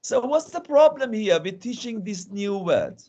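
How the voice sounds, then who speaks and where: Man lecturing online, fairly high voice. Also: very animated, a little slow, mellow, lo-fi sound. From Iran. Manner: interactive, often restarts and repeats words. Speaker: guest lecturer. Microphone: video call.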